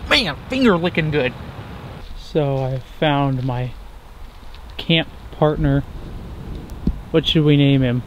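A young man chatting casually while vlogging from a beach campsite, upbeat and quick to laugh. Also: a little high, animated, dull audio, a little hiss or hum. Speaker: outdoor adventure vlogger. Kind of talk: casual camp vlog narration.

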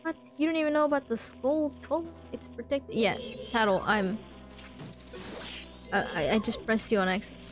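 A woman playing a video game and commenting on it, speaking softly and half whispering in quiet parts. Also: on the high side, expressive, normal speed, faint music behind. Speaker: gamer.

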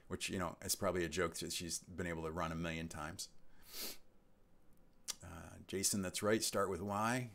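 A man's voice: deep voice, fairly even intonation, moderate pace. A man in his sixties hosting his channel's live stream, chatting casually and reading out viewer comments with rambling asides. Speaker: channel host.

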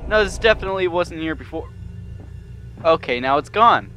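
A man's voice: on the high side, expressive, moderate pace, bright, forceful tone, soft background music. Jumpy young-sounding man narrating gameplay. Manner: jumpy, nervous, swears mildly, yelps when startled. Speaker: gamer playing a horror game. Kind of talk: let's-play commentary.

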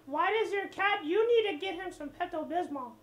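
A woman with a very high, childlike voice, talking in a silly, innocent way for a gaming prank video. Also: brisk, reverberant, dull audio, slight background noise. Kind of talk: casual vlog intro and game chat prank.

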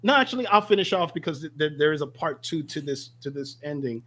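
A young adult man and pastor telling his personal testimony in conversation, telling it in a lively way and acting out the voices of the people he quotes. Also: fairly high pitch, fast talker. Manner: animated storytelling, acts out quoted voices.

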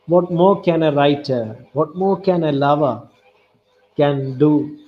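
A man with a Kerala Indian English accent giving an online lecture on poetry, speaking slowly and deliberately, repeating key phrases and reciting lines of verse softly. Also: a little high, highs cut off. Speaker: English professor.

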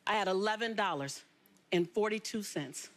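A woman from Los Angeles, a talk show guest telling her life story in an animated, emphatic way. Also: mid-range voice, moderate pace. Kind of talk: storytelling interview.

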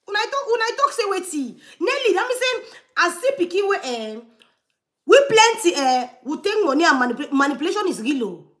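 High, bright woman. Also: brisk. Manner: animated, laughing, switches between loud and murmured asides. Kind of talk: livestream commentary.

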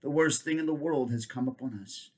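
A man voicing a loyal male unicorn who speaks quietly and mournfully, in a husky voice. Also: medium pitch, brisk, natural voice.

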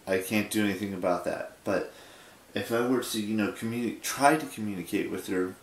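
Male vlogger, 20s, sleepy, halting and rambling, slightly low voice. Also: echoey room, slight background noise. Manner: rambling, halting, with many restarts. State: sleepy, yawning. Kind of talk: casual late-night vlog monologue.

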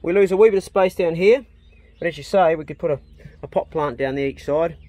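A man's voice: fairly high pitch, fairly quick, no echo. A New man, chatting casually and joking while building a garden in a glasshouse. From New Zealand. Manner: relaxed, joking, swears casually. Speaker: channel host.

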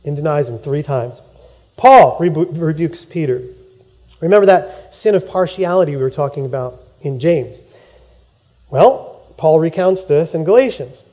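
Male pastor, high mellow voice, animated sermon storyteller in church. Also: moderate pace. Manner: animated storytelling, acting out quoted lines, laughing.

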